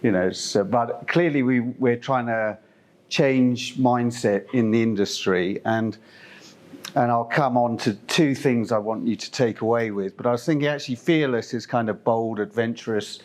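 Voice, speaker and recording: A man's voice: mid-range voice, normal speed. A middle-aged man from Zimbabwe giving a conference presentation, chatty and meandering, with lots of fillers and restarts. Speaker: company presenter.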